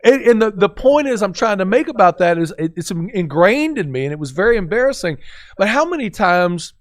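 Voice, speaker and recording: A middle-aged man co-hosting a radio talk show, telling a personal story in an animated way. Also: high voice, fairly quick, no echo, clean studio sound. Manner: animated anecdote teller. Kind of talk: storytelling in casual discussion.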